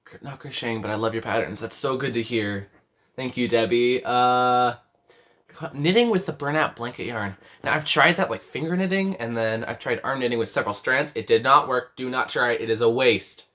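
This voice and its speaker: A man's voice: medium pitch, normal speed, bright, forceful tone. An eighteen-year-old man hosting a live craft stream from his bedroom, rambling, correcting himself and reading chat messages aloud. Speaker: crochet livestream host.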